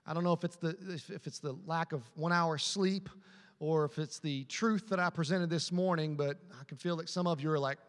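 With a fairly high pitch and steady tone, a male pastor preaches fairly quickly as a long reverb tail trails his words through the church auditorium. He repeats himself emphatically and asks the congregation to call back answers.

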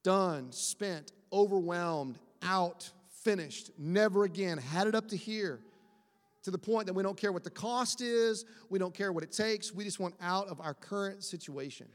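A man's voice: high-pitched, unhurried. A man preaching a conversational sermon, acting out quotes in a whiny voice. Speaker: pastor. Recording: long hall reverb.

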